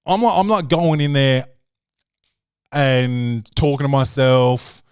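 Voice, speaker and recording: A man's voice: mid-range voice, slow, clear, resonant tone, dry recording, clean studio sound. A man hosting a comedic podcast, rambling in a jokey, profane way and slipping into quoted voices. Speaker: podcast host. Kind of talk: comedic film-review podcast rant. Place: home podcast studio.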